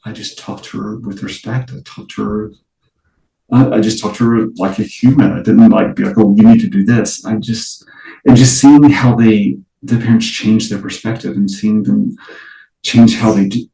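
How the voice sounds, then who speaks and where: A man's voice: fairly low pitch, fairly even intonation, moderate pace, vocal fry, mellow, reverberant, far from the mic, low-quality recording. A man who works as an early childhood educator, talking earnestly in a casual interview with many fillers and restarts.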